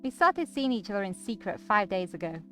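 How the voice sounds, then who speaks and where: A woman's voice: mid-range voice, very animated, brisk, soft background music, natural voice. A woman reading the part of a troubled young man with lost memories, hesitant and uneasy as she narrates in his first person. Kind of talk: reading a visual novel aloud.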